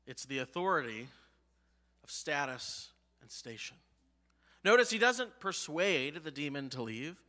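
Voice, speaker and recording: A man's voice: a little high, big pitch swings, a little slow, bright, forceful tone, in a large hall. A male pastor preaching a sermon, emphatic, asking the congregation rhetorical questions. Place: church sanctuary.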